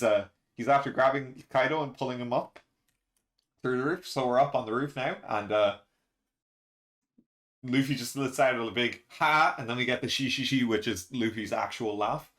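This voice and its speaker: Male host, casual reaction commentary, excitable, laughs often, mid-pitched and rambling. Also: normal speed, pauses often. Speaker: manga reaction channel host.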